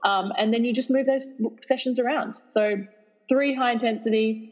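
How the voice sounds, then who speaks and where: A woman's voice: a little high, normal speed, in a large hall, muffled recording. Upbeat Australian woman fitness trainer. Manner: energetic, emphatic, laughs easily. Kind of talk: podcast interview.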